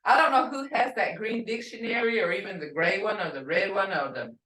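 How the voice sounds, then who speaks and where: A woman's voice: medium pitch, fairly quick, a bit bright. Patient woman teaching a language lesson. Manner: patient, repeats words to stress tones. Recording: echoey room, voice from far off.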